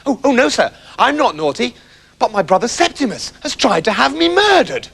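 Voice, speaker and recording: Bloke doing a wide-eyed gullible brother, super eager, raspy edge. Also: male voice, extremely high pitch, sing-song, normal speed, fairly bright tone, pitched above the performer's own voice, heavily acted. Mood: pleading. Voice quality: eager, exclamatory. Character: naive cheerful young brother, gullible.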